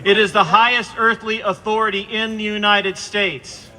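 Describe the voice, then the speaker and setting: Fervent high-voiced man at a rally. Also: level tone, moderate pace, crowd noise. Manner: fervent, addresses the governor directly, rises to shouts. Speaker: protest speaker. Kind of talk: impassioned rally speech. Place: outdoor street protest. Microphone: handheld microphone.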